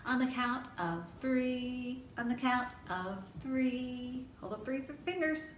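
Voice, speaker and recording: A woman's voice: high-pitched, slow, few pauses, distant mic, a little hiss or hum. A woman children's librarian leading a toddler storytime, speaking in a coaxing way and asking the children questions. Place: library room. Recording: echoey room, mic set back.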